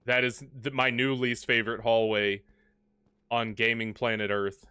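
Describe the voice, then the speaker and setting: A man's voice: mid-range voice, little pitch movement, moderate pace, pushed and bright, smooth, no room sound, studio quality. A man hosting a gaming livestream, chatting casually and joking with the game characters as he plays. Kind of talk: casual live commentary.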